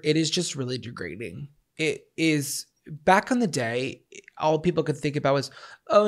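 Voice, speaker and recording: A man co-hosting a podcast in casual chat, ranting and complaining in a dramatic, exasperated way, with swearing. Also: fairly high pitch. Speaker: podcast co-host.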